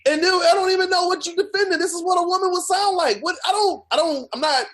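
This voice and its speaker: High-voiced man ranting profanely. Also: quick pace, a bit bright. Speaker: podcast co-host. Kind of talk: heated casual chat.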